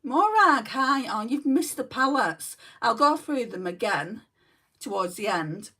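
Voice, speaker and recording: A woman's voice: on the high side, lively intonation, unhurried, bright, forceful tone, far from the mic. A woman with a New Zealand accent hosting a casual makeup livestream, chatting and answering viewer comments as she does her makeup. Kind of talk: casual chat reading live comments.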